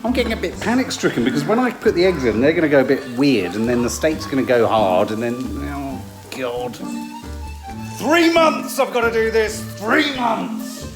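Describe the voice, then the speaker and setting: A man's voice: a little high, very animated, moderate pace, music in the background. A middle-aged man filming himself cooking at home, chatting playfully to himself and getting flustered. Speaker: husband filming a family vlog. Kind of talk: casual chat and self-narrated cooking.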